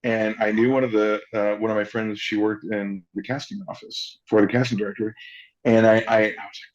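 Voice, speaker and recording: A male actor telling stories as an interview guest, rambling quickly and acting out quoted voices. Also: on the low side, dull audio. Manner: acts out quotes in lively voices, fast rambling. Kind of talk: animated storytelling.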